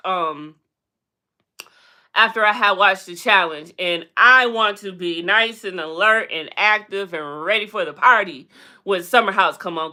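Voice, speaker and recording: A woman hosting a casual live stream, chatting bluntly and sassily about celebrity and reality TV gossip and calling out to viewers. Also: pushed and bright. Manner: sassy and blunt, with big pitch swings. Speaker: livestream host.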